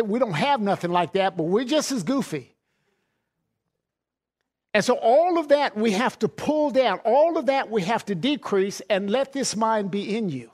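A middle-aged man preaching a sermon in a folksy way, laughing often and repeating words as he goes. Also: high-pitched.

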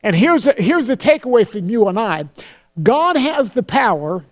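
A man preaching a sermon, earnest, slowing down to quote scripture solemnly and often repeating words as he starts a phrase. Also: very high voice, big pitch swings.

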